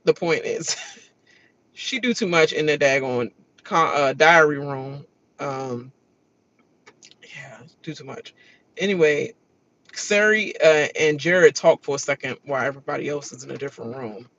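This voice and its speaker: A woman hosting a casual reaction rant, animated and laughing, mocking others in loose casual speech. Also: deep voice, moderate pace, dull audio. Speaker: reaction video host.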